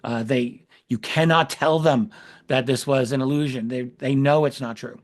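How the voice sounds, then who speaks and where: A man's voice: mid-range voice, steady tone. Earnest man hosting an interview. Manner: earnest, measured, self-correcting. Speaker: podcast host. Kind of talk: casual interview chat.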